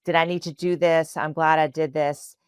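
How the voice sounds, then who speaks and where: Podcast guest, woman, Spanish first language, from New Orleans, low voice, heartfelt rambling storyteller. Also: little pitch movement, moderate pace, smooth, no room sound, clean studio sound. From New Orleans, USA. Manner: earnest, emotional, many fillers. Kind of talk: personal faith storytelling.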